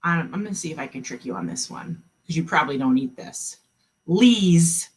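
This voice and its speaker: A woman teaching a kindergarten class online, encouraging the children and sounding out words slowly. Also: a bass voice, fairly bright tone, slightly rough.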